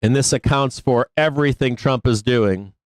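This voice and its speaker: A man hosts a live stock market stream, talking through charts in a casual, rambling way full of fillers and swearing. His voice is smooth and clear at a middle pitch. The sound is close and dry. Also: no echo, low-quality recording. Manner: rambling, profane, fast bursts with many fillers. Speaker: stock market show host. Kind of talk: casual live trading commentary.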